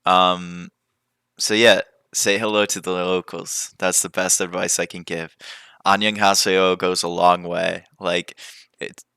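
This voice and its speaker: A man's voice: deep voice, level tone, measured pace, creaky, sharp tone, clear, resonant tone, dry recording, clean studio sound. A young man hosting a podcast, talking casually and drifting into tangents. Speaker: podcast host. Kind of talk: casual rambling monologue.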